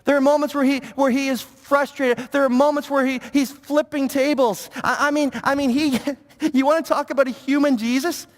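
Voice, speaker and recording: A man preaching to his congregation, with a strikingly high voice. He talks in an animated way, often stammering and repeating words as he goes. The sound carries a long church-hall reverb. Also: normal speed. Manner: animated, stammering repetitions, mock-pious impressions. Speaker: pastor. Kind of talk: sermon. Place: church sanctuary.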